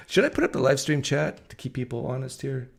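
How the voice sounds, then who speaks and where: A man hosting a live stream, giving reaction commentary in a deliberate way and slowing down to stress his points. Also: mid-range voice, vocal fry, husky. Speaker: host.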